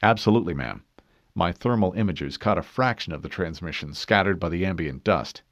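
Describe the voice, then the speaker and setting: A man's voice: low-pitched, a little fast, a bit bright, no room sound. A man voicing a disciplined male super-soldier who answers stiffly and formally. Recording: dull dry studio read.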